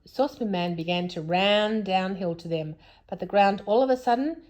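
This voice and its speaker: A woman reading a children's story aloud in an expressive, lively way. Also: medium pitch, normal speed.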